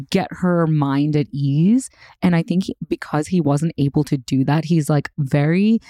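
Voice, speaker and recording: A woman's voice: sits low, dark tone, no room sound, clean studio sound. A woman co-hosting a podcast, chatting casually and animatedly with lots of fillers. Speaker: podcast co-host. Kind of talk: casual recap chat.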